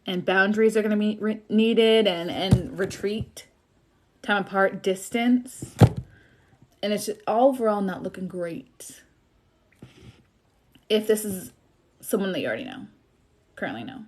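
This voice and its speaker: A woman's voice: medium pitch, a little slow, long pauses, background noise. A young woman giving a casual tarot reading on a livestream, blunt and chatty, apologizing for the bad news she delivers. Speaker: tarot reader.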